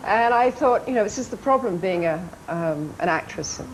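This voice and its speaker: On a TV chat show, an actress guest tells amused anecdotes in a mid-range, expressive voice at normal speed, laughing lightly and putting on playful little voices for the people in her stories. The studio recording is a rough archive broadcast with faint background noise.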